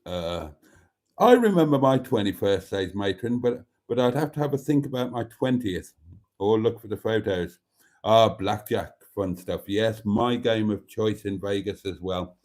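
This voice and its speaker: A man's voice: lowish voice, lively intonation, unhurried, darkish tone. A man hosting a live stream, reading out viewer comments in a casual chat and calling his viewers darlings with mock-grand phrasing.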